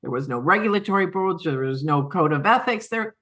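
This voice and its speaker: Middle-aged woman guest, lower voice, heartfelt and earnest. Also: animated, brisk, fairly bright tone. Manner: heartfelt, earnest, laughs often. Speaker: guest, coaching academy co-founder. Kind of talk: podcast conversation.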